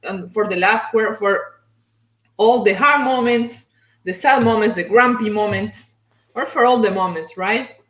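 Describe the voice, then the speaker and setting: A woman's voice: medium pitch, unhurried, fairly bright tone. A woman hosting a casual livestream chat, effusive and chatty as she greets viewers. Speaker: host. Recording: roomy echo.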